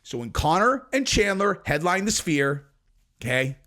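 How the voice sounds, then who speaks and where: A man with a notably high voice rants straight to his viewers about fight news. He is animated and profane and spins theories out loud in a loose, casual style. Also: a little slow. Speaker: MMA commentary channel host. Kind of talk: casual ranting commentary to camera.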